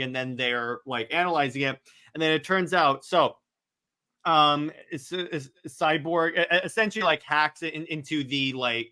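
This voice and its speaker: A man's voice: medium pitch, sharp tone. A man co-hosting a casual comic book podcast, rambling with frequent restarts as he reads out panel dialogue. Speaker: podcast co-host.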